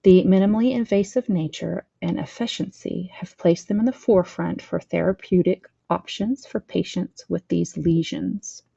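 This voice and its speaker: A woman's voice: fairly low pitch, normal speed, creaky, hardly any pauses, dark tone, breathy edge, dry recording, highs cut off. A woman teaching a training lesson, reading slides aloud with a slight lisp, stumbling over terms and correcting herself. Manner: reads text aloud, stumbles and corrects herself, adds plain explanations. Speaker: instructor.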